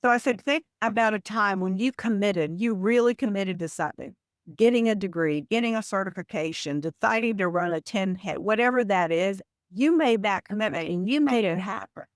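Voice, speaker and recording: A woman guest on a podcast interview, explaining habits in a measured, example-filled conversational way. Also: mid-range voice, expressive, no room sound. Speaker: podcast guest, communication coach.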